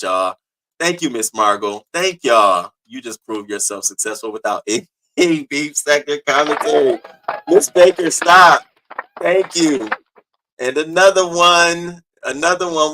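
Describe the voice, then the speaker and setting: A man with a bright, forceful voice runs a casual live stream. He reads the chat and calls out viewers by name, swearing freely, and his pitch sits in the middle range for a man.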